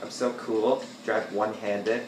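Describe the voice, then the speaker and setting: Man, unhurried delivery, rambling jokey gameplay chatter, echoey room, game music behind. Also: fairly low pitch, little pitch movement. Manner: rambling, joking, with sudden loud outbursts. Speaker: gameplay video host. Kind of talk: casual gameplay commentary.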